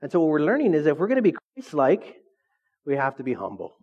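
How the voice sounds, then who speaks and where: A middle-aged man preaches as a pastor, his voice a little higher than most men's. He keeps cracking jokes and calling for replies from the congregation. The recording sounds dull and lo-fi. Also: huge pitch swings, fast. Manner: joking, call-and-response with the congregation. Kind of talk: sermon.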